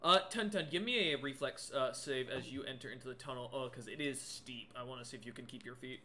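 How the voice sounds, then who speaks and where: Man, game master, casual tabletop narration, filler-heavy, bright voice. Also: medium pitch, fast, slight background noise.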